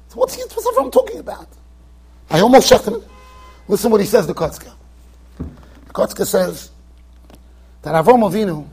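A man's voice: sits high, breathy edge. A man, a rabbi, giving an emphatic yeshiva Torah lecture, mixing Yiddish and Hebrew terms into his English. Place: yeshiva study hall.

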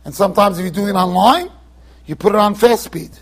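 A man giving an informal Torah lecture as a rabbi, animated and joking, repeating phrases for emphasis. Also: high-pitched, brisk, husky. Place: yeshiva lecture hall.

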